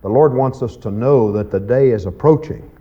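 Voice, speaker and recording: A man preaching an evening Bible teaching in a folksy, conversational way, often saying "you see" and "okay.". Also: normal speed. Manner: animated, acts out quoted voices with big pitch jumps. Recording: muffled lo-fi recording.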